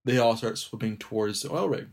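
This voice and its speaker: A man as a podcast guest in casual chat, telling a joke in a laid-back, deadpan way. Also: on the low side, fairly quick, gravelly.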